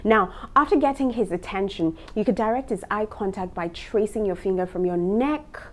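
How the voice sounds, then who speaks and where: A woman's voice: mid-range voice, normal speed. A woman vlogger giving relationship advice in a casual, frank, chatty way, talking straight to her viewers. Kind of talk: casual advice talk to camera.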